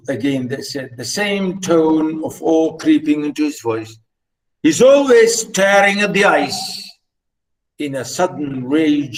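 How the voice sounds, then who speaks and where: A man's voice: on the high side, darkish tone, rough recording. A man teaching literature, explaining a play line by line and rephrasing his points often. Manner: repetitive, rephrasing, halting with fillers.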